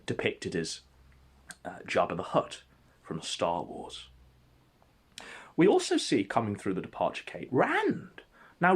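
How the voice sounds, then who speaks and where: A man telling an absurd comic story in a mock-epic, deadpan way. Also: mid-range voice, vocal fry, husky. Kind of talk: comedic storytelling.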